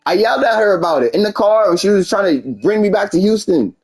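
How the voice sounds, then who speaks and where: A man's voice: sits high, expressive, quick pace, darkish tone. A young man rambling through a frustrated personal story and acting out both sides of arguments. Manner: rambling, frustrated storytelling with quoted back-and-forth. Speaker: streamer. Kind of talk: casual venting monologue.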